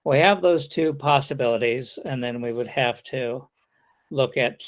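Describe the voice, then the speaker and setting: A man delivering a webinar lecture over a video call, his voice at an ordinary, middle pitch for a man. He explains things patiently and step by step. Now and then he reads an example question aloud, shifting his intonation to show the contrast. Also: measured pace. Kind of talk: online lecture.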